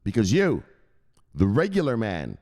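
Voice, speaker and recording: A man hosting his own channel, ranting in hyped, profane vlog commentary and punctuating points with shouted exclamations. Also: lowish voice, huge pitch swings, measured pace. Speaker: crypto channel host.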